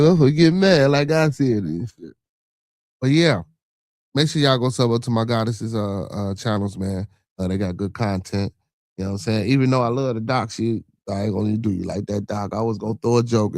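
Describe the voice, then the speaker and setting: Gravelly man on a profane livestream. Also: mid-range voice, lively intonation, normal speed, darkish tone, dry recording, clean studio sound. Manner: profane, rambling, reacts to chat viewers. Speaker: podcast host. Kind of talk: casual livestream chat.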